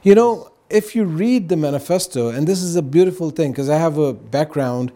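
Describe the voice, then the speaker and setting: Earnest man with a mellow voice. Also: on the high side, moderate pace. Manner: earnest, explanatory, peppered with "right?" and "you know". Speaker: guest on a religious talk show. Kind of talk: casual explanatory talk.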